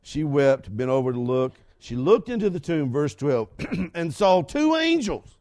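Slow, animated older male preacher. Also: on the high side. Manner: dramatic shifts from shouting to hushed whispers, with laughs; preaching slowly with emphatic repetition. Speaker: pastor. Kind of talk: sermon.

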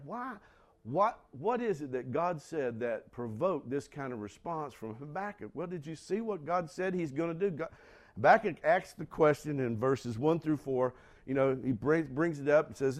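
A man preaching a sermon, acting out dialogue and putting questions to the congregation, swinging from loud outbursts to quiet asides. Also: fairly high pitch, expressive, a little slow. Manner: acts out quoted dialogue, asks the congregation questions. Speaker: pastor.

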